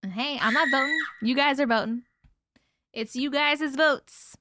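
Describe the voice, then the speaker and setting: Bright chatty woman livestream host. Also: high voice, a little slow, no echo, clean studio sound. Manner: chatty, laughs often, swears casually. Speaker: host reading viewer stories. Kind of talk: casual livestream chat and story reading.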